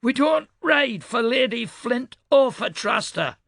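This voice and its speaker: A woman's voice: fairly high pitch, expressive, takes it slowly, fairly bright tone, dry recording, studio quality, pitched above the performer's own voice, full character voice. A man voicing a blunt, nearly ninety-year-old woman cavalry rider with a frontier twang, in an audiobook. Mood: defiant. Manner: frontier twang, gruff and defiant.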